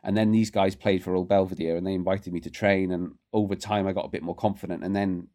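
Fast-talking low-voiced male guest. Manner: rapid, animated anecdotes with frequent restarts. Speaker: guest, rugby writer. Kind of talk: casual storytelling interview.

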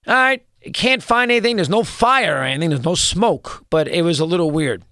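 A male talk show host telling a story in a rambling, excitable way, full of restarts. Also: sits high, fairly quick, no echo, clean studio sound. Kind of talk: storytelling monologue.

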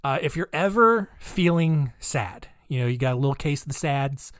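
A man's voice: fairly high pitch, expressive, moderate pace, no echo, clean studio sound. A man hosting a podcast in a casual, jokey way, poking fun at himself as he rambles along. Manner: jokey, self-mocking, loose rambling delivery. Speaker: podcast host.

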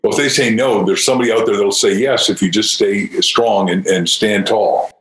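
Male guest author, low voice, emphatic motivational delivery, echoey room. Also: fairly even intonation, normal speed. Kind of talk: motivational talk.

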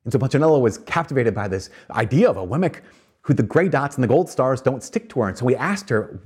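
A man's voice: mid-range voice, lively intonation, quick pace, darkish tone, slightly rough. A man preaching a conversational sermon, telling a children's story to make his point. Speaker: priest.

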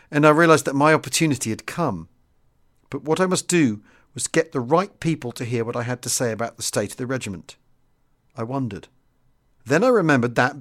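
A man reading a wartime memoir aloud in a measured, formal first-person narration, as the host of his own audiobook series. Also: medium pitch, a bit bright. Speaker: audiobook reader and podcast host.

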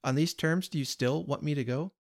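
A man reading aloud, voicing a dry, stubborn gentleman homeowner who answers curtly and sardonically. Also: fairly high pitch, a little fast, dry recording, lightly acted. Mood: stern.

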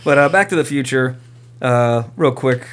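A podcast host with a mid-range voice talks at normal speed about movies and games in a casual movie discussion. He's animated, swears freely, and acts out quotes in silly voices.

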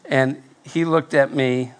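Nasal-voiced pastor telling a story. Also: male voice, medium pitch. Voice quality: nasal tone, monotone. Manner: self-deprecating storytelling, halting restarts. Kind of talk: sermon with personal story. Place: church before live congregation.

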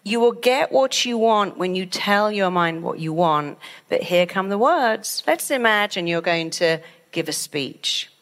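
A middle-aged woman, a therapist, speaking to an audience in a lively way and acting out the dialogue in her stories. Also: on the low side, a little slow. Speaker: therapist and author. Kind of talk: talk to an audience.

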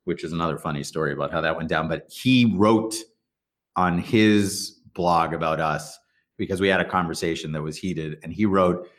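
A man's voice: deep voice, normal speed. A middle-aged man, a startup founder, telling stories in a casual interview, rambling with restarts and acting out quoted dialogue. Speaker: startup founder and CEO guest.

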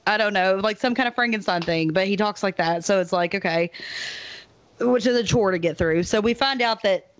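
A woman's voice: mid-range voice, fairly quick, dry recording. A young woman co-hosting a horror movie podcast, rambling casually and laughing as she recaps scenes. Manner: rambling, laughing, mimics characters in goofy voices. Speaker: podcast co-host. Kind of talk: casual movie review chat.

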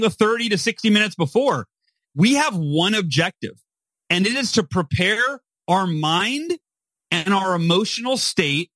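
In a dry recording, a high-pitched, fairly bright-toned author in his forties talks as a podcast guest. He delivers emphatic, motivational explanations and repeatedly wraps his points with "right?"

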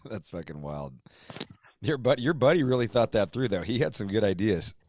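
A man's voice: fairly low pitch, animated, normal speed, darkish tone, a little hiss or hum. A man hosting a casual interview, reacting and laughing along with his guest. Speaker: podcast host.

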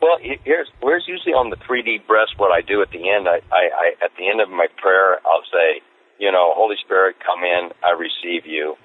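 Low-voiced man on a tinny phone line. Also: brisk. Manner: rambling, repeats words, excited storytelling. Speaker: street evangelist guest. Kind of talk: casual interview storytelling.

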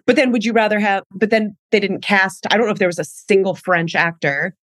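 A woman's voice: medium pitch, fairly even intonation, a little fast, a bit bright, no echo. A woman guest in casual chat, enthusiastic and rambling, often cutting herself off mid-thought. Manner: enthusiastic, rambling, self-interrupting. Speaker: guest, actress.

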